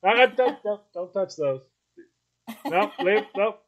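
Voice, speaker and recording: A man's voice: high-pitched, expressive, slow, muffled recording, voice pushed up, heavily acted. A man playing a fussy, cheerful older grandfather who bosses people around and repeats himself. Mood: bossy cheerful. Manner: bossy, chatty, repeating himself.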